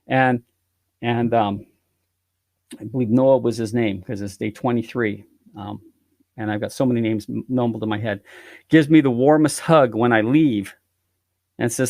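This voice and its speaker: In a dry recording, a podcast guest with a mid-range, darkish voice delivers an animated story, exaggerating theatrically to heighten the drama. His tone stays steady and his speed normal, broken up by long pauses.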